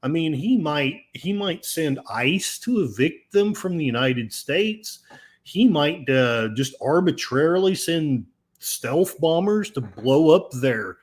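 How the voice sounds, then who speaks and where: A man's voice: a little high, lively intonation, slow. A man hosting a livestream podcast, reading out chat messages with a sarcastic, mock-solemn delivery.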